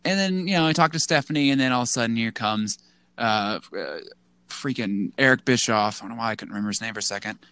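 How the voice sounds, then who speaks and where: A man's voice: medium pitch, fast talker, bright, forceful tone, clear, resonant tone. A man co-hosting a casual podcast, rambling with lots of "like" and restarts. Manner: rambling, full of "like" and restarts, acts out quotes in a goofy voice. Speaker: podcast co-host. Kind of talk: casual chat.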